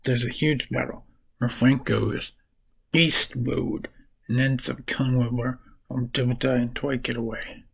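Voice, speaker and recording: A man's voice: medium pitch, little pitch movement, unhurried, vocal fry, slightly rough, poor audio. A man casually summarizing comic books for his vlog, rambling and correcting himself as he goes. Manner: rambling, restarts and corrects names while summarizing. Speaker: comic book reviewer.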